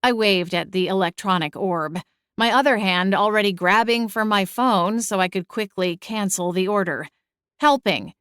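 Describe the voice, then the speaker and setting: A young adult woman narrating a first-person audiobook, expressive and exasperated in the dialogue. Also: mid-range voice, moderate pace, clear, resonant tone, no room sound, clean studio sound.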